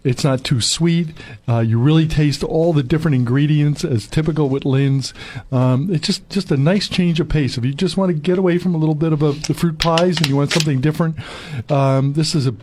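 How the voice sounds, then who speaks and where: A man co-hosting a radio show, giving relaxed and agreeable comments. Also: a little high, brisk, slight background noise. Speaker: radio co-host. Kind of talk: casual radio chat.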